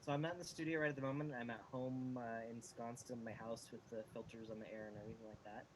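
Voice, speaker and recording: A man calling in from home to a tabletop game, talking in a relaxed, halting way. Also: mid-range voice. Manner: relaxed, halting, many fillers. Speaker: player. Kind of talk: casual tabletop game chat. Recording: home mic with clear background noise.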